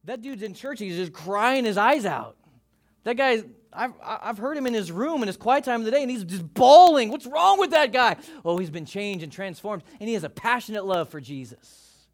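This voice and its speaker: A man with a high voice preaching to a church congregation. He delivers an impassioned sermon, rising to loud calls and then dropping to hushed, almost whispered lines. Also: expressive, moderate pace. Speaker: pastor. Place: church service before a congregation.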